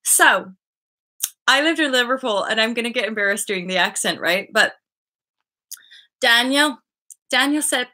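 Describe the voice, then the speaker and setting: A woman hosting a spiritual livestream, chatting casually and rambling with her viewers, often jumping into high excited asides. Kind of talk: casual chat with live viewers.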